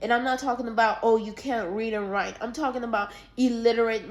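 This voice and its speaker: A woman's voice: a little high, poor audio. A young woman from Latin America in a frank, heated personal vlog, swearing often and close to tears. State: near tears. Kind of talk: emotional personal vlog rant.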